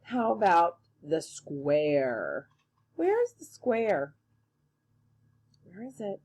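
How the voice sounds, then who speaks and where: A woman teacher leads small children through songs and counting in a sing-song, encouraging way. Her pitch leaps around with animation, and she takes her time. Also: huge pitch swings, very slow, darkish tone. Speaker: preschool teacher. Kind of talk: online circle time for young children.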